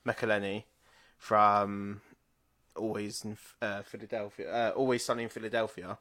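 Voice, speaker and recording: A man in his thirties from England with a lowish voice, co-hosting a casual podcast. He drifts from one anecdote to the next, swearing freely and laughing along. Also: level tone, normal speed, fairly bright tone. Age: 30s. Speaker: podcast co-host. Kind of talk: casual chat.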